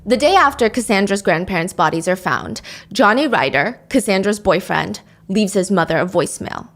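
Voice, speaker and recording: A woman's voice: medium pitch, expressive, normal speed. A woman narrating a true crime story, dwelling on grisly details and reading quotes aloud.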